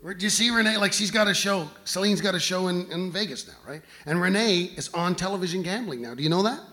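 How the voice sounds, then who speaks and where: A man's voice: high voice, fast, sharp tone. A man doing a stand-up comedy routine on a club stage, mocking his targets and firing rhetorical questions at the audience.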